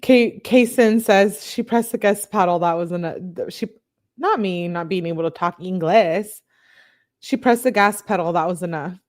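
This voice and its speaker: A woman's voice: fairly low pitch, normal speed. A young woman reading text messages aloud in casual commentary, chatty and giggly, joking between readings. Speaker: true-crime commentator reading texts aloud.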